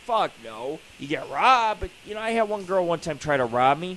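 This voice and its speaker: A man's voice: on the high side, very animated, moderate pace, fairly bright tone, slight background noise, low-quality recording. Profane rambling man on internet radio. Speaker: radio show host. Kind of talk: live internet radio comedy rant.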